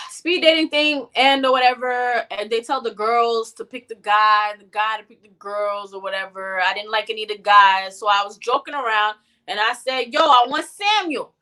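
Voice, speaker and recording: A woman co-hosting a podcast, talking casually and profanely as she tells a story in an animated way. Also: fairly high pitch, moderate pace. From North Miami. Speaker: podcast co-host. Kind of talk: casual chat.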